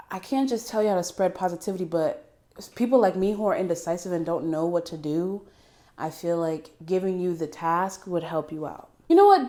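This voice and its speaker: A woman's voice: on the low side, mellow. A young woman chatting to camera in a casual vlog, bubbly and giggly, with lots of fillers, recorded indoors at home. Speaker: vlogger.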